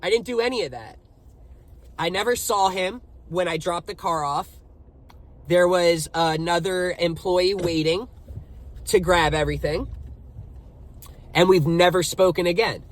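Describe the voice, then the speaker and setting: Profane, emphatic young man with a high voice. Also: measured pace, long pauses. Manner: profane, emphatic, animated retelling. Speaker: business owner telling his story. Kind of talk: casual storytelling to camera.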